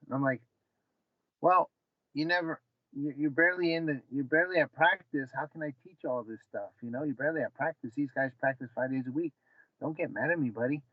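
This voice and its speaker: A man's voice: medium pitch, a little fast, dry recording. A man in his forties speaks casually, a former fighter and coach recounting his past. He slips into the voices of the people in his story. The recording sounds dull and dry, as if the room were padded. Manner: animated, acts out dialogue with his son.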